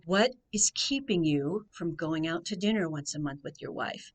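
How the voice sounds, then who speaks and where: A woman from the United States, a financial coach telling a story on a radio show in a measured way, repeating key phrases for emphasis. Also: mid-range voice.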